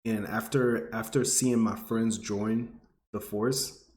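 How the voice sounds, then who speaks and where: A man's voice: steady tone, slow pace, a little mellow, echoey room. A man in his twenties, telling a personal story to his audience in an earnest, emotional way. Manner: earnest, emotional, rising pitch when stirred. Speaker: vlogger.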